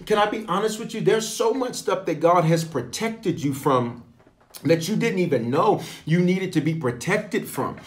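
A man with a slightly higher voice leads an online prayer as a bishop. He preaches with emphatic, repeated phrases and speaks to his viewers in a casual, direct way. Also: lively intonation, moderate pace. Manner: colloquial, addresses viewers directly. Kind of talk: livestreamed prayer and exhortation.

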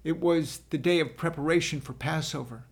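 A man narrating a dramatic scripture retelling as the apostle Peter, in a deliberate, solemn way. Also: fairly high pitch.

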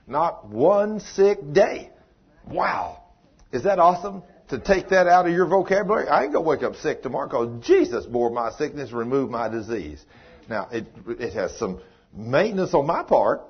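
A man's voice: fairly high pitch, very animated, normal speed, husky, muffled recording. An older man, preaching a sermon in a folksy, emphatic way, his voice climbing on exclamations. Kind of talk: sermon teaching.

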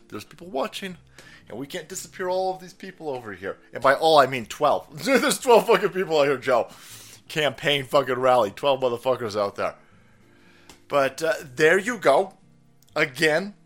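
A man hosting a commentary channel, foul-mouthed and rambling, mocking as he swings from loud outbursts to mutters. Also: fairly high pitch. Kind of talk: profane comedic commentary.

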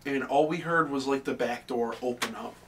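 A young man co-hosting a podcast, telling a ghost story in animated, swear-heavy casual chat. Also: medium pitch, moderate pace. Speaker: podcast co-host. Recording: distant mic with faint background noise.

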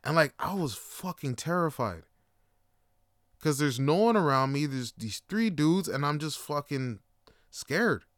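A man's voice: on the high side, animated, measured pace, fairly bright tone, dry recording, studio quality. A man hosting a podcast, telling stories in a casual, rambling monologue with plenty of swearing and filler words. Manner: rambling and profane, full of fillers. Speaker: podcast host.

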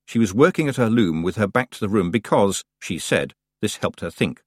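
A man narrates a fantasy audiobook in a measured, dry way. His husky voice moves with a lively rise and fall. It is recorded close and dry, with no room sound. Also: lowish voice, dry recording, soft background music. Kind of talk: scripted narration.

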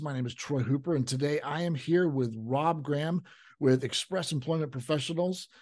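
A man's voice: fairly high pitch, normal speed, a little mellow. A man hosting a business podcast, introducing guests and asking questions in an upbeat, conversational way. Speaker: podcast host. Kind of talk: podcast interview.

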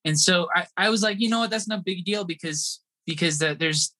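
A man in his thirties, a guest musician on a podcast, telling a tour story in a loose, animated way, laughing and acting out the voices of people in it. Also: sits high, normal speed. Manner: animated, acts out quoted voices, laughs often. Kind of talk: casual storytelling.

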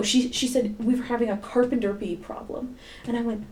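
Fairly quick and on the high side, this young woman's voice carries her stories on a laid-back podcast she co-hosts. By day a middle school teacher, she swears freely and performs the quotes in her tales during casual conversation.

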